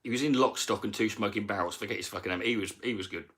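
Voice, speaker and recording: A man's voice: fairly low pitch, racing, fairly bright tone, slightly rough. A man, a comedian, ranting casually on a live stream with rambling, profane talk and many restarts.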